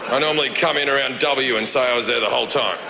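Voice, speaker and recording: A man's voice: mid-range voice, quick pace, creaky, heavy background noise. A middle-aged man with an Australian accent doing a profane stand-up comedy set, telling stories and acting out other people's voices. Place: large theater stage. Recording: echoey hall, live audience. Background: audience laughter.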